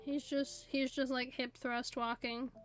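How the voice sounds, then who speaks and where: A high-pitched woman chats playfully through a video game, quick to laugh and full of asides. Her voice is close on a desk condenser mic in a home setup, with faint game music underneath. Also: level tone. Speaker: streamer. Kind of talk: casual gameplay commentary. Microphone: desk USB condenser mic.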